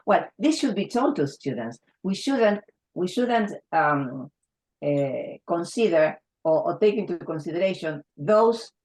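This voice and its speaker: A woman's voice: on the low side, expressive, measured pace, a little mellow, poor audio. A woman with an Argentinian Spanish accent, a native Spanish speaker and English teacher, talking earnestly and emphatically in a round table discussion with frequent restarts.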